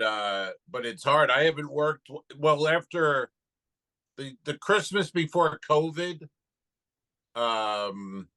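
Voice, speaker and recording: Male podcast co-host, bright tone, relaxed profane storyteller. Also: mid-range voice, poor audio. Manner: loose, profane storytelling with acted-out quotes. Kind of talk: casual comedic chat.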